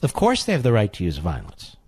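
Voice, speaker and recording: A man's voice: on the low side, wildly swooping pitch, a little fast, darkish tone, husky, no room sound. A man hosting a talk radio show, delivering an indignant political monologue with heavy repetition.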